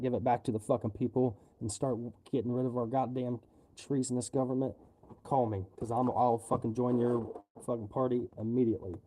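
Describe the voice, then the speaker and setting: A man's voice: mid-range voice, warm tone. An American man ranting on a livestream in an angry, profane, heated way. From United States. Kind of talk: livestream rant.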